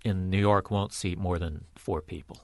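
Deep-voiced comedian host, relaxed. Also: male voice, normal speed, no echo, studio quality. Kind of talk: casual podcast chat.

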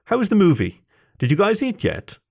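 A man voicing a kind middle-aged mother who speaks in a warm, motherly way. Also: sits high, huge pitch swings, moderate pace, vocal fry, voice pushed up, full character voice.

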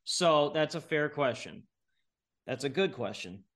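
A man's voice: on the high side, animated, unhurried, a bit bright. A middle-aged man speaking bluntly and with strong opinions as an interview guest, often laughing mid-sentence. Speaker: guest entrepreneur. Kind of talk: casual interview talk.

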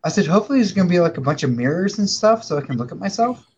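A man's voice: high-pitched, lively intonation, very fast, a little mellow, husky, highs cut off. A man, an actor guest on a chat show, joking in an offhand way. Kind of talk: casual video chat.

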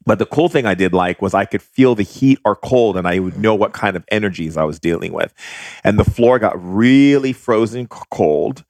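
Low-voiced guy earnestly telling his story, dry close sound. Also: moderate pace, no room sound. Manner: earnest, animated retelling, acts out voices. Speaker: guest. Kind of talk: casual storytelling.

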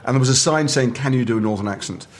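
A middle-aged man from Liverpool, a guest actor telling animated stories over a meal and acting out quoted voices. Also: medium pitch, quick pace. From north of England, Liverpool. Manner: animated storyteller who acts out quoted voices. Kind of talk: casual chat over a meal. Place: restaurant table.

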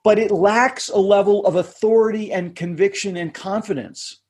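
A middle-aged man with a husky, slightly breathy voice that sits high for a man. He speaks as a coach being interviewed, measured and explanatory, circling back to restart his phrases as he goes. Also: a little mellow. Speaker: communications coach and podcast guest. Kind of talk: conversational interview answers.

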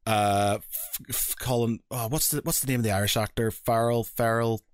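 Animated laughing man, dry close sound. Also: mid-range voice, normal speed, no room sound. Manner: animated, laughs often, excitable storytelling. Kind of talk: casual chat.

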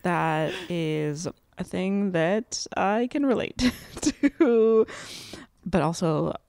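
A woman's voice: fairly low pitch, very slow, creaky, a little mellow, clean tone. A woman co-hosting a podcast, chatting in a jokey, self-deprecating way. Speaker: podcast co-host. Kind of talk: casual chat.

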